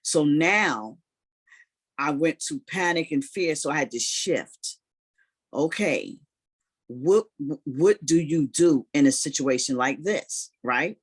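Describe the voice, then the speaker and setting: A man retelling a personal story in casual talk, animated and full of "you know" and "like". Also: a little high, slow, slightly rough.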